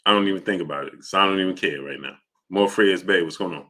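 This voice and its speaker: A man's voice: low-pitched, quick pace, pushed and bright. A man hosting a live stream, arguing with chat, repeating himself and calling out viewers' names. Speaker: boxing live-stream host. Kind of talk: casual live-stream commentary.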